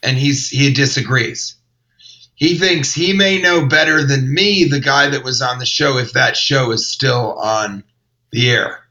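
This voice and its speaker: A man's voice: medium pitch, a little slow, pushed and bright, rough recording. A man, a comedian, telling a rambling, wry story in casual chat. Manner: rambling, wry, self-interrupting. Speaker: comedian and podcast host.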